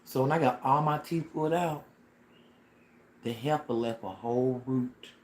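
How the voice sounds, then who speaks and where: A man livestreaming a dramatic personal story, animated and slangy, tossing in sound effects as he goes. He sits at an ordinary middle pitch in a roomy, echoing space with faint background ambience. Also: unhurried, a little hiss or hum.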